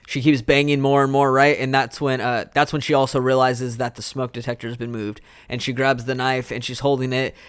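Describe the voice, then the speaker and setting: A man's voice: medium pitch, level tone, fairly quick, hardly any pauses, clean tone, dry recording. A man co-hosting a casual movie review podcast, retelling scenes with acted-out quotes. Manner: rambling, acts out scenes with quoted voices. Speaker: podcast co-host.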